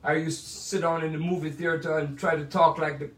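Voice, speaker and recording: An older Jamaican man with a slightly high voice tells stories in a chatty, playful way. He sits back from the mic in his home music room, and the small room rings with echo around his words. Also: level tone. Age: 80s. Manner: chatty, playful, drawn-out asides. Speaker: musician sharing memories. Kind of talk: casual storytelling monologue. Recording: echoey room, mic at a distance.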